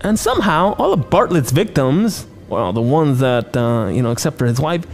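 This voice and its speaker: A male podcast host giving a comedic movie recap, excited, rambling and sarcastic. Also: mid-range voice, normal speed, few pauses, soft background music.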